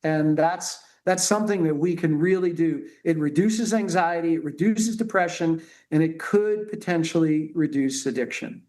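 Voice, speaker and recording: A middle-aged male pediatrician talking earnestly and haltingly with many restarts in a conversation. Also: fairly high pitch, darkish tone. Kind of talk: conversational interview talk.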